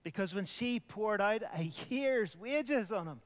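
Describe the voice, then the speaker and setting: A man's voice: sits high, animated, a little slow, long reverb tail. A middle-aged man preaching a communion sermon, earnest, dropping to a near whisper at tender points. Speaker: pastor.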